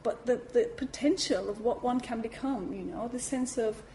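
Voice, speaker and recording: A woman giving a talk at a Buddhist centre, telling a personal story in a lively way, acting out her reactions and saying "you know" often. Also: a little high, moderate pace, a crowd in the background, low-quality recording.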